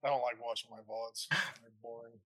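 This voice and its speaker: Bright, animated man telling stories. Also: mid-range voice, brisk. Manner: animated, swears freely, storytelling. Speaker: podcast guest. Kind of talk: casual chat.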